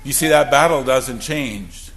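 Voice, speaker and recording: A man's voice: mid-range voice, a little slow, fairly bright tone. A man preaching a sermon as a pastor, emphatic and full of rhetorical questions.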